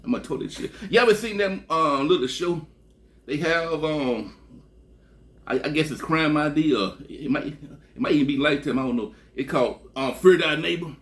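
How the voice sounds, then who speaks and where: At a moderate pace, this vlogger from Texas works through a long, meandering tale, laid-back and profane. Phrases frequently fade out on a low "man."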